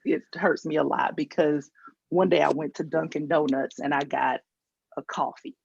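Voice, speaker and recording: Low-pitched with vocal fry and a breathy edge, this Georgia woman speaks at a moderate pace in a steady tone. She does virtual stand-up in a Southern American accent, telling stories with acted-out lines and self-deprecating asides, heard through a video call mic with dull lo-fi sound.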